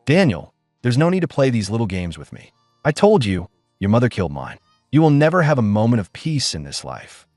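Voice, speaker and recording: A man's voice: medium pitch, very animated, a little fast, darkish tone, no echo, clean studio sound, soft background music, lightly acted. A man voicing a cold, scornful young wife who talks with sneering contempt. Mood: mocking.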